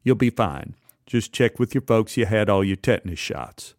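A man doing a low, drawling store boss. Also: animated, a little mellow, no echo, studio quality, lightly acted. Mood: calm. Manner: slow, hesitant, with fillers.

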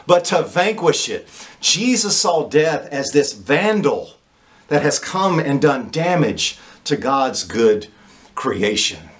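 Man preaching, unhurried delivery, rhetorical questions, emphatic pauses. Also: medium pitch, fairly bright tone. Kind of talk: sermon.

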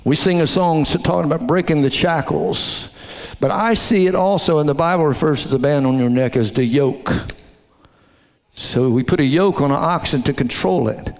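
A pastor delivers a sermon, reading scripture and explaining it verse by verse. His voice sits a little higher than most men's and swells with emphasis as he drives points home. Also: moderate pace, creaky, a little mellow. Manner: expository teaching with rising emphatic passages.

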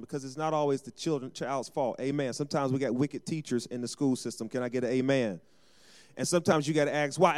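A man's voice: medium pitch, fast, a little mellow. A man preaching a sermon as pastor, calling for amens and acting out short everyday exchanges. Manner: call-and-response preaching with acted asides.

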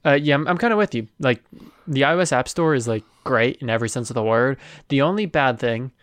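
A man's voice: mid-range voice, animated, brisk, fairly bright tone, no echo. A man co-hosting a casual podcast, chatty, leading the segment questions. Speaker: podcast co-host. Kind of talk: casual sports podcast chat.

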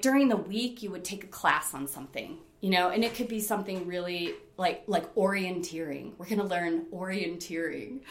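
Chatty woman, lowish voice, echoey room. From Rochester, New York. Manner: animated, laughs often, many fillers. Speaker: interview guest, rock climber. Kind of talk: casual storytelling interview.

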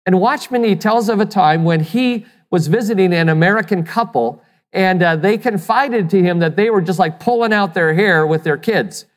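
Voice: medium pitch, moderate pace, in a large hall. A pastor preaching a sermon with emphasis, asking the listeners rhetorical questions and sometimes repeating words as he restarts.

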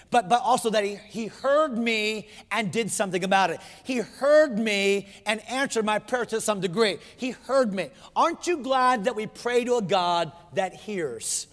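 A man's voice: high-pitched, big-room sound. A pastor preaching a sermon to his congregation, emphatic, repeating his phrases and asking rhetorical questions.

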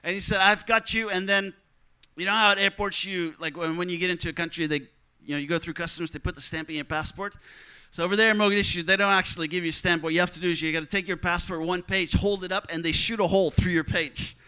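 A man telling a personal travel story in an animated, joking way, acting out the lines of the people he met. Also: high-pitched, fast talker, clean tone. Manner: animated, joking, acts out dialogue.

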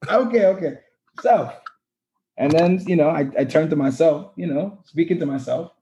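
A man voicing a comic version of himself with a put-on Caribbean accent, halting and self-mocking. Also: a little high, mellow, slight background noise, pitched above the performer's own voice, close to an everyday voice. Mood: playful. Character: man doing a comic Caribbean accent, recalling his youth.

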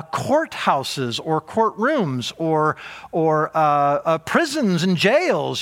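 A man preaching a sermon as pastor, animated, rising for emphasis and then dropping low and soft.

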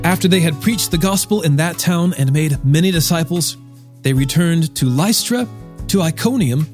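A man reading a Bible passage aloud in a measured, expressive way. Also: fairly high pitch, music in the background. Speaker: scripture reader.

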